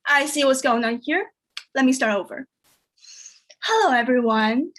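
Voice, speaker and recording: A woman whose first language is Chinese performs a stand-up set with a slightly high voice. Her delivery is dry and deadpan. She leaps up in pitch whenever she acts out someone else. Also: moderate pace, pauses often. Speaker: stand-up comedian.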